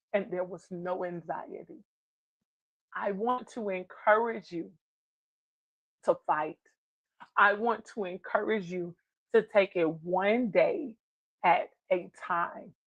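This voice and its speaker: A woman's voice: on the low side, dry recording, dull audio. A woman giving a heartfelt personal testimony, earnest and encouraging as she tells a story. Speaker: guest speaker.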